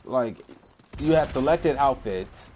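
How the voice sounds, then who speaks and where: A man's voice: mid-range voice, slow, a little hiss or hum. A man casually chatting while streaming a game, rambling and ranting with some swearing. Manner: rambling, swears, animated rants. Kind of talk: casual gaming chat.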